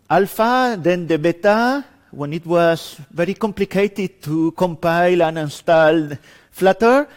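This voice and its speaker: High-voiced, unhurried man with a Spanish accent. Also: darkish tone. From Spain. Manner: self-deprecating, chatty, laughs between lines. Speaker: conference speaker. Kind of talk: improvised hands-on lab introduction. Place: conference room with audience.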